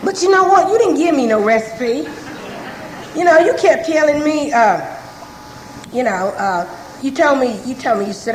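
Woman, high voice, plainspoken group testimony, roomy echo with faint hiss. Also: animated, normal speed. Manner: conversational, frank, repeats herself often. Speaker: speaker sharing her story at a recovery meeting.

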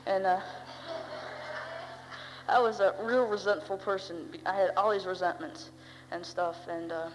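A woman's voice: mid-range voice, steady tone, a little slow. A teenage girl sharing her recovery story in a rambling, wry way, with many fillers. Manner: rambling, wry, full of "you know" and "uh". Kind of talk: personal recovery testimony. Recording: long hall reverb with faint hum.

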